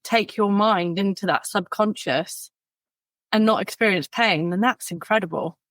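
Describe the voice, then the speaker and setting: This podcast guest, a woman, talks unhurriedly in a mid-range voice with no room sound in the recording. In conversation she's an animated storyteller, vividly acting out the people she quotes.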